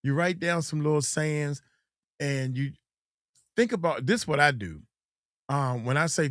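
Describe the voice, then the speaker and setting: A man's voice: fairly high pitch, expressive, unhurried, long pauses, a bit bright, no echo, studio quality. A middle-aged man, chatting loosely as a coach and host, often acting out quotes in mocking voices. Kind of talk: casual livestream chat.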